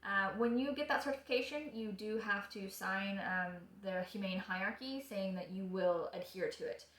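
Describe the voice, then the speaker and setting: A woman's voice: mid-range voice, moderate pace, fairly bright tone. A woman in her thirties who trains dogs, giving a friendly, chatty orientation for an online class. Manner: friendly, chatty, with fillers and laughs. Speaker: dog trainer and class owner. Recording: echoey room.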